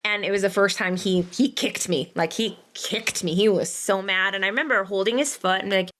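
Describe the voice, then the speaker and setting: Woman podcast host, mid-pitched, chatty and anecdotal. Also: a little fast, fairly bright tone. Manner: chatty, tells personal stories with asides. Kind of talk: conversational interview.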